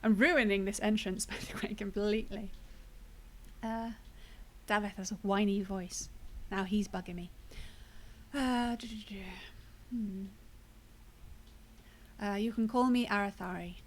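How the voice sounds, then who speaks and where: A woman's voice: medium pitch, fairly even intonation, a little slow, a little hiss or hum. Chatty woman streaming a game. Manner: chatty, wry, self-deprecating asides. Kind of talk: casual gameplay commentary.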